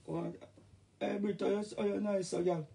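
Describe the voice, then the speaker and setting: A middle-aged Jamaican man rants and jokes in patois on a casual livestream. His voice sits high and carries a gravelly rasp. He talks in a loose, animated way. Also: moderate pace.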